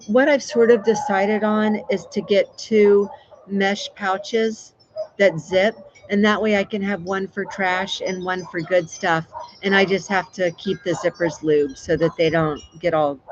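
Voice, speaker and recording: On a casual livestream, a woman chats with viewers in a warm, rambling way, full of fillers and restarted sentences. Her voice sits mid-range with a steady tone and measured pace, and the slightly lo-fi audio carries a faint hiss or hum.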